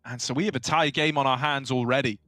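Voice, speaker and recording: A man commentating a live esports match, quick and analytical, with bantering asides. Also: mid-range voice, fairly even intonation, a bit bright, dry recording.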